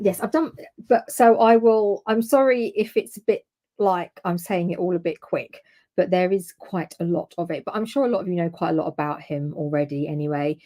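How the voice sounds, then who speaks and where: A woman's voice: fairly low pitch, a little mellow. A woman co-hosting a history podcast, talking through her notes in a chatty, informal way and often correcting herself. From United Kingdom. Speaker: podcast co-host presenting the topic. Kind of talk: casual history podcast chat.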